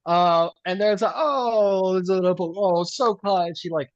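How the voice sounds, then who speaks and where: A man's voice: sits high, unhurried, no room sound, dull audio. A man running a tabletop game as game master, talking in a chatty way with many fillers and laughs.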